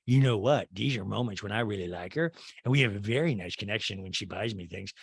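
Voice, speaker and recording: A man hosting a comedic reality-TV recap podcast, sarcastic and quick to drop into character voices. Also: fairly low pitch, vocal fry, breathy edge, dry recording, clean studio sound. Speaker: podcast host.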